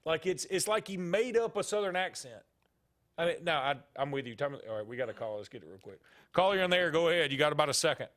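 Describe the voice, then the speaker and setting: Opinionated male co-host, raised pitch, quick to react. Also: expressive, fairly bright tone. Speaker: sports talk radio co-host. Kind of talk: casual radio chat.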